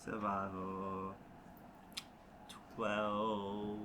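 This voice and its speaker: Low-voiced man playing a tabletop game. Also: monotone, drawn-out words. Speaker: player. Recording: noisy background.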